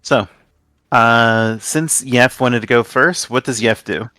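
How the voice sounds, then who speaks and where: A man running a tabletop game as game master, talking haltingly with many fillers. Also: medium pitch, pushed and bright, no room sound.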